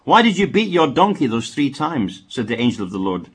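A man's voice: medium pitch, big pitch swings, brisk, husky. A man reading scripture aloud and breaking off for wry asides as he teaches. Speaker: Bible teacher. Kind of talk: Bible reading with commentary.

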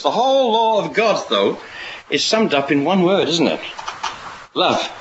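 A man's voice: on the high side, bright, forceful tone, a little hiss or hum. A man preaching a sermon in a rambling way, often restarting and asking rhetorical questions. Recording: dull lo-fi recording.

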